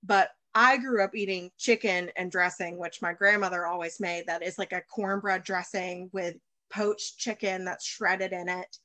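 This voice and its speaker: A woman's voice: on the low side, steady tone, moderate pace, few pauses, sharp tone, no room sound. A woman in her thirties from the United States, a baker and chef, talking as a guest in a casual interview and rambling with many fillers and restarts.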